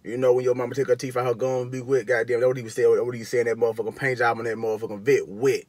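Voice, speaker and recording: A man hosts a music reaction video, reeling off quick, crude and joking commentary. He talks fast, in a mid-range voice, and keeps throwing taunting asides at his viewers. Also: medium pitch, flat delivery, a little mellow.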